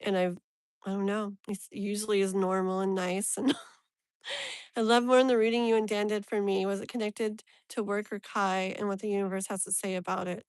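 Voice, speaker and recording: A woman's voice: medium pitch, moderate pace, clean tone, no room sound, studio quality. A woman tarot reader chatting casually on a live stream from her phone, rambling and laughing often.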